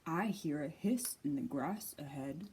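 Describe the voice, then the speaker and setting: A woman voicing a huge gruff male forest monster in a children's storybook reading, with a low growling voice and slow, heavy, menacing delivery. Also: expressive, darkish tone, a little hiss or hum.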